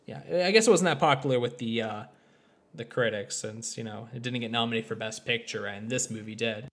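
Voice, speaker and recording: A man's voice: mid-range voice, fairly quick, fairly bright tone. A man co-hosting a podcast, chatting casually about films in a rambling, joking way. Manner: rambling, lots of fillers and restarts, joking. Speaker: podcast co-host. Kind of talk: casual film review chat.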